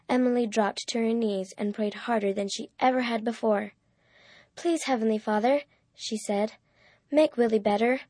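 Fairly high, dry-voiced woman storyteller. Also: mellow, dry recording. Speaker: narrator. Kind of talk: storybook reading.

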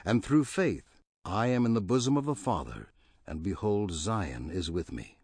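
A man's voice: on the low side, expressive, a little slow, a little mellow, slightly rough, dry recording, exaggerated voice. A man reading the words of a sorrowful male prophet who pleads earnestly with his God. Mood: pleading.

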